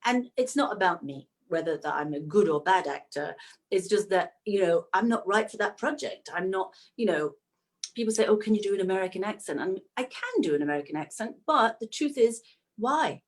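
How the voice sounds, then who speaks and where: A lively middle-aged woman talking about her acting life in a relaxed interview. Her voice sits at an ordinary middle pitch but jumps high whenever she gets excited, and laughter keeps slipping into her sentences. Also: moderate pace. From Manchester, England. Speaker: actress, guest. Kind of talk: casual interview chat.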